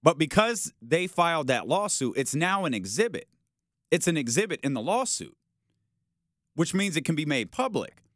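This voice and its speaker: A man hosting a sports talk show, arguing his point in a casual, animated way and acting out how people might react. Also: a little high, normal speed, no room sound, clean studio sound. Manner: animated, argumentative, acts out quoted reactions.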